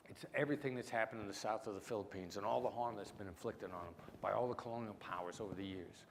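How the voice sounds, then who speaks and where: A middle-aged man with a mix of small-town Midwestern and New York City accent, giving a punchy keynote with dramatic pauses. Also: fairly low pitch. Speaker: keynote speaker, negotiation expert. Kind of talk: conference keynote storytelling. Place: large lecture hall. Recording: hall reverb, faint room noise.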